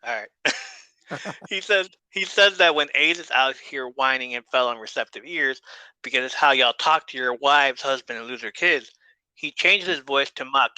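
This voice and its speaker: Bright-voiced man recapping casually. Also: medium pitch, normal speed, clean tone, dry recording, rough recording. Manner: laid-back, swears casually, laughs often. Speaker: podcast host.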